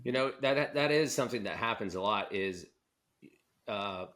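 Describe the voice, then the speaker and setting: A man's voice: lowish voice, animated, normal speed, fairly bright tone. A man co-hosting a podcast, interviewing guests in a loose, conversational way, often restarting his sentences. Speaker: podcast co-host, doctor.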